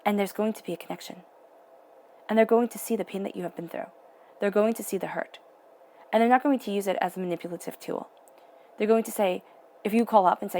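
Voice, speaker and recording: A woman's voice: medium pitch, fairly even intonation, quick pace, mellow. A young adult woman giving an emotional, earnest tarot reading, sometimes dropping to a near-whisper. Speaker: tarot reader.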